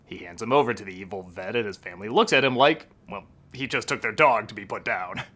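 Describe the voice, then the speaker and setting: A man's voice: on the low side, fast, a bit bright. A man reviewing a film in a comedic, sarcastic style, with jokey asides. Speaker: film critic. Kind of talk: comedic movie review narration.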